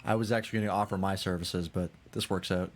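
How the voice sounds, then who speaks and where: A man's voice: low voice, fairly even intonation, fast talker. A man streaming a video game, making wry, casual comments and swearing now and then.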